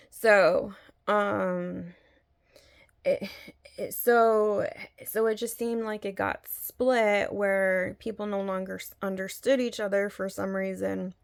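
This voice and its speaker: A woman with a mid-range voice and vocal fry gives a casual spoken review of an audio drama as a video blogger. She talks earnestly and rambles, frequently restarting her sentences.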